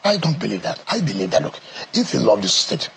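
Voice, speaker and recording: A Nigerian politician in a heated TV interview, talking forcefully and repeating his points. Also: medium pitch, very animated, fairly quick, gravelly, slight background noise. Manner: forceful, emphatic, repeats phrases.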